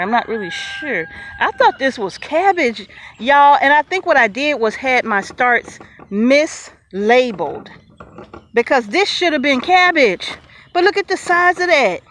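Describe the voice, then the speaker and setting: Excitable woman touring her garden. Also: high voice, normal speed, slight background noise. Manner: chatty, excitable, addresses viewers often, laughs easily. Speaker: homesteader showing her garden. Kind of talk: casual garden tour vlog. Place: outdoor vegetable garden.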